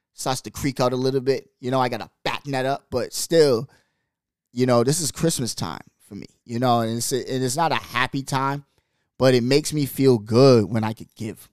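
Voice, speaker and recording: A man hosting a show, talking casually and emotionally, pausing and choking up, close to tears. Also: medium pitch, clean tone, no echo. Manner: casual, slangy, halting and emotional. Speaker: host. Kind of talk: emotional personal talk.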